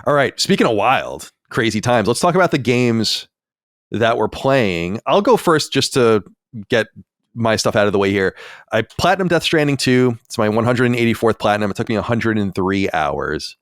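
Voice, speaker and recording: A man's voice: medium pitch, expressive, moderate pace, no echo, studio quality. A man in his forties hosting a podcast, chatting casually in a rambling, candid way, full of fillers and asides. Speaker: podcast host.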